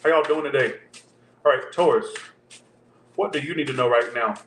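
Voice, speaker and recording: A man's voice: medium pitch, normal speed, fairly bright tone. A man giving a casual tarot reading, talking loosely and straight to his viewers. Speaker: tarot reader. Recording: roomy echo with faint background hum.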